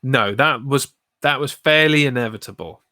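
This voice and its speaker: A man's voice: mid-range voice, normal speed, sharp tone, no room sound, studio quality. A man co-hosting a casual wrestling podcast from the UK, recapping matches and joking around. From United Kingdom. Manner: jokey, recaps then riffs. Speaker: podcast co-host.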